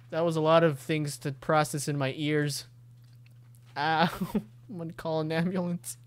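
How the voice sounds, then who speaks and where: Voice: medium pitch, little pitch movement, unhurried, background noise. A gamer commenting on a horror game, stammering and poking fun at themselves while reading every character's lines aloud. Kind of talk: let's play commentary. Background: game music.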